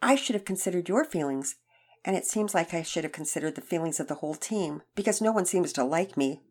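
A woman reading a storybook and voicing a quiet, humbled boy who speaks softly and hesitantly. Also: on the low side, expressive, brisk, breathy edge. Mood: subdued. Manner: soft and hesitant.

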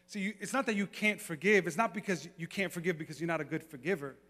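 A male pastor preaching a sermon, moving from quiet talk to fervent shouting. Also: a little high, fast, few pauses, long reverb tail. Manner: builds from quiet to shouting fervor.

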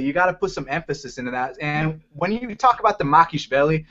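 A man co-hosting a casual fight-picks chat, talking with energetic, playful emphasis. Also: a little high, quick pace, few pauses. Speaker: MMA podcast co-host. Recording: lo-fi muffled audio.

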